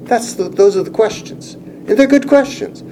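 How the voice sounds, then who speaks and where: A man's voice: high-pitched, normal speed, warm tone, a little hiss or hum, rough recording. A man preaching a Bible-teaching sermon, earnest and explanatory, rising to emphasis when he quotes scripture.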